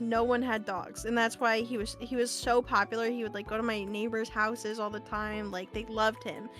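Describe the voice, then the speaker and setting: A young woman streaming, telling stories in a casual chat full of fillers and swearing. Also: a little high. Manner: animated storytelling, lots of fillers and swearing.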